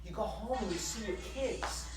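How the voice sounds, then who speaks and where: A woman's voice: mid-range voice, moderate pace, music in the background. A woman rabbi giving a humorous spiritual talk to a live audience, telling a story and asking rhetorical questions. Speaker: rabbi speaker. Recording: roomy hall, distant mic.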